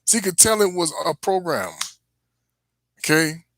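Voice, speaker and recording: A man's voice: a little high, expressive, a little slow, fairly bright tone, dry recording. A man hosting a religious live stream, preaching casually and earnestly to his viewers with warnings.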